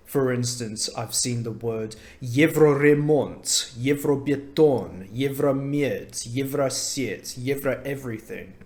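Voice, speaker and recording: A young man from London with a London English accent, hosting an English lesson and giving his opinion in an enthusiastic, emphatic way. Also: medium pitch. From London, England. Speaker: English teacher, channel host. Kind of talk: casual opinion talk to camera.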